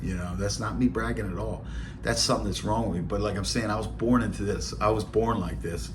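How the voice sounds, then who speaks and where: This late-forties podcast host, a Baltimore, Maryland native with the accent to match, delivers a casual monologue of rambling, streetwise stories bluntly. His voice is lowish and steady, a little fast, with noise in the background.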